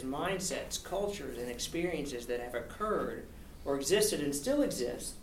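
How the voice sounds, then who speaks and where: A university lecturer giving an academic talk with slides, posing rhetorical questions and often tagging on "right?". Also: mid-range voice. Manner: poses rhetorical questions, frequent "right?" tag. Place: lecture hall at a podium. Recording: echoey hall, distant mic, faint hiss.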